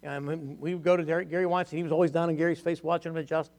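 Older man, pastor, gravelly voice, fairly high pitch, chatty storytelling sermon, laughs and acts out quotes. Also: flat delivery, rapid-fire, darkish tone.

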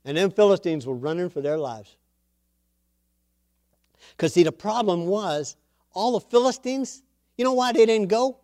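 High-voiced animated preacher man. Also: a little slow, long pauses, no room sound, studio quality. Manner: animated storytelling preacher, acts out quotes. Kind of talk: sermon.

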